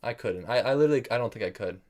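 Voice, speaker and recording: This American man live-streams online chess, speaking very fast in an expressive, medium-pitched, slightly mellow voice. Casual and self-critical, he narrates his thought process and banters with the people watching.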